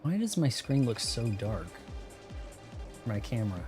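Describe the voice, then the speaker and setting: A man's voice: mid-range voice, big pitch swings, measured pace. A man streaming live gameplay, rambling and cracking jokes as he plays, with game music behind him. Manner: rambling, joking asides while playing.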